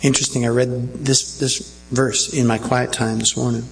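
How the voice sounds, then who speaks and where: A man's voice: mid-range voice, flat delivery, moderate pace, vocal fry, soft background music, rough recording. A male pastor preaching a sermon earnestly and checking in with his listeners.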